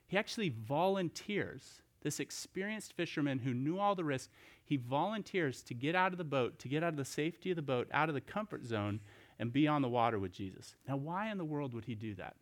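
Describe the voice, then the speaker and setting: A man's voice: a little high, animated, fairly quick. A man preaching a sermon as pastor, telling a scripture story in a conversational way with rhetorical questions and restarts.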